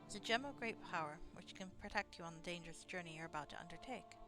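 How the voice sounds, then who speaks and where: A woman's voice: lowish voice, fast talker, music in the background, natural voice. A woman voicing a wise male wizard who advises the hero in formal, solemn phrasing. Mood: explaining. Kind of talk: reading game dialogue aloud.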